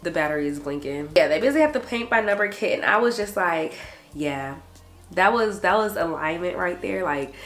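A young adult woman vlogger chatting casually to her camera, animated and saying "y'all" a lot. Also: fairly low pitch, a little fast. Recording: roomy echo, faint music behind.

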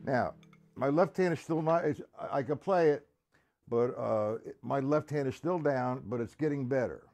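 A man giving a casual live-stream drum lesson, chatting with viewers by name and counting beats out loud. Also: mid-range voice, normal speed, soft background music. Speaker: drum teacher.

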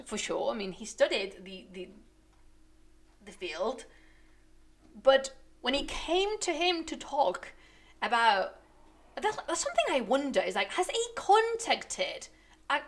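A young native-speaking woman with a high voice streams casual commentary to her chat, ranting in an animated, exasperated way and laughing.

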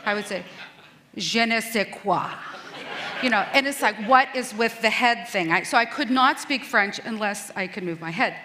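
A woman's voice: on the high side, a little fast, hardly any pauses, bright, forceful tone. A middle-aged American woman giving a self-deprecating, humorous stage talk at a conference. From United States.

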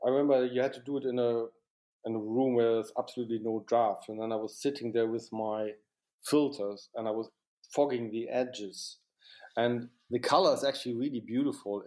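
This cinematographer's voice sits in the mid-range and sounds a little mellow. Reflecting on his work in an interview, he often restarts sentences and fills gaps with "you know."

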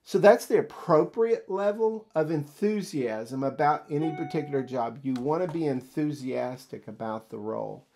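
A man's voice: on the high side, normal speed, few pauses, faint music behind. A man giving casual career advice on job interviews, acting out quoted lines from employers and candidates. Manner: animated, acts out quoted dialogue. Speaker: career coach. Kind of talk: casual instructional talk.

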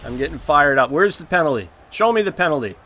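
A man's voice: fairly high pitch, animated, fast, sharp tone, a little hiss or hum. A man giving live commentary on his own video game, groaning and exclaiming as the plays go for and against him. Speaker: gaming YouTuber.

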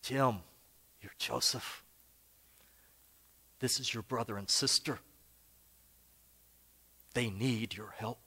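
A man's voice: high voice, sing-song, very slow, long pauses, voice pushed up, heavily acted. God as a divine male voice, put on by a preacher in his sermon, addressing a man by name with firm emphasis. The tone swings widely up and down as the words are pressed home. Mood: gentle. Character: God, a male divine voice rebuking then comforting.

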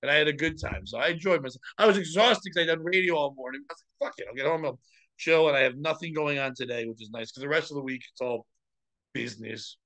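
A man's voice: a little high, fast talker, dry recording, low-quality recording. A man telling comedy stories in casual podcast chat, laughing often and acting out what people said. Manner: animated, laughs often, acts out quotes. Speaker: podcast host.

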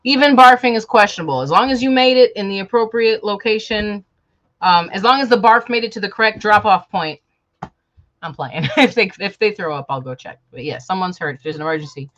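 A woman's voice: medium pitch, brisk, fairly bright tone, highs cut off. Chatty, joking woman streaming from home. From Chicago, USA. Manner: playful, chatty, joking asides to viewers. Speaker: sewing vlogger. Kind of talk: casual live-stream chat.

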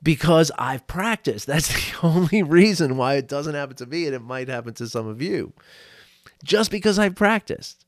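A man's voice: fairly high pitch, animated, moderate pace, dry recording, studio quality. A man coaching on a solo podcast, talking casually and often checking in with "right?" and small laughs.

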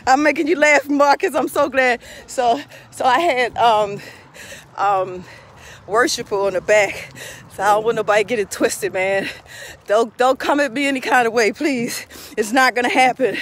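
A middle-aged woman pastor praying and chatting casually on a live stream outdoors by a street, laughing often between phrases. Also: a little high.

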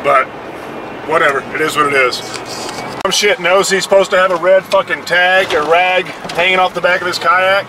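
A man's voice: sits high, steady tone, moderate pace. Profane man ranting over road noise. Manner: profane, blunt, heated storytelling. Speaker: vlogger. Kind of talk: casual ranting monologue. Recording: noisy, with vehicle and traffic sounds.

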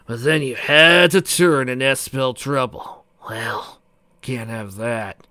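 A man doing a calm, cold male killer. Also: mid-range voice, no room sound. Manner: matter-of-fact, unhurried.

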